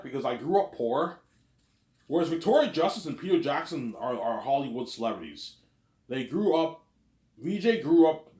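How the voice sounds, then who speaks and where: A man's voice: medium pitch, a little mellow. Rambling man in an echoey room. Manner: rambling, repeats "you know what I'm saying". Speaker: vlogger. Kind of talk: casual rambling monologue. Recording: roomy echo.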